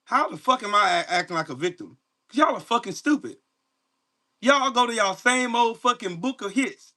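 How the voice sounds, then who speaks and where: A man's voice: extremely high pitch, animated, moderate pace, pushed and bright. Angry profane man ranting at live chat. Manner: profane, mocking, confrontational. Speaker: livestream host.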